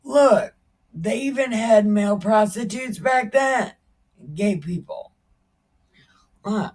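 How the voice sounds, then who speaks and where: Husky woman with a slow, irreverent drawl. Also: on the high side, animated, a little mellow. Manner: irreverent, laughing, exclaiming. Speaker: Bible storyteller. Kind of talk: comedic Bible retelling.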